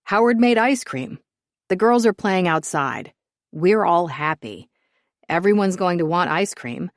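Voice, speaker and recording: A woman's voice: lowish voice, lively intonation, measured pace, no room sound, studio quality. A woman voicing a cocky, teasing young man who is breezy and bossy, in a story reading.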